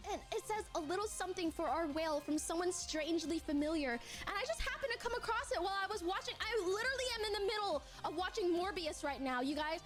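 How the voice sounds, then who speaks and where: A very high, lively woman's voice, flustered and gushing as she talks to her viewers. She keeps repeating herself in nervous bursts. Music plays clearly behind her. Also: quick pace, few pauses. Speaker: streamer. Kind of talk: excited live stream chat.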